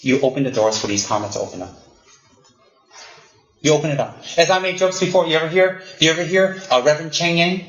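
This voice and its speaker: A man teaching Buddhism to students, animated and teasing, often repeating himself for emphasis. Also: fairly high pitch, fast talker. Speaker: Buddhist lama. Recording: roomy, dull lo-fi hall recording.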